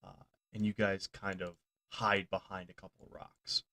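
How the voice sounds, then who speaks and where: A man's voice: low-pitched, little pitch movement, normal speed, bright, forceful tone. A man running a tabletop game as game master, narrating loosely with fillers and frequent laughter.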